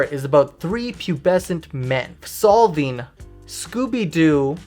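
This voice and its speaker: A woman's voice: deep voice, a little mellow. A woman talking through a casual, opinionated video essay, informal and loose with fillers.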